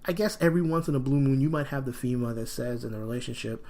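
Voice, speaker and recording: A man hosting a solo podcast in a rambling, animated way, sniffling from a cold. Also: mid-range voice, quick pace, few pauses. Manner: rambling and animated, frequent fillers. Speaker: podcast host. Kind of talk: casual solo podcast talk.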